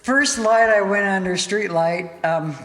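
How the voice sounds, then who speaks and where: A woman guest in an interview, telling a story in a lively way, laughing often and acting out what people said. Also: mid-range voice, a little slow. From United States. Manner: animated, laughing storyteller who acts out quotes. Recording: hall reverb with faint music.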